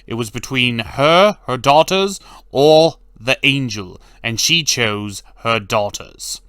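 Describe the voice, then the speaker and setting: A man recaps a cartoon episode in loose, casual commentary, blunt and sarcastic, with free swearing. His voice is bright and forward, and his pitch swings around animatedly. The sound is dry and close. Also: animated, slow pace, clear, resonant tone, no echo. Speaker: cartoon reviewer.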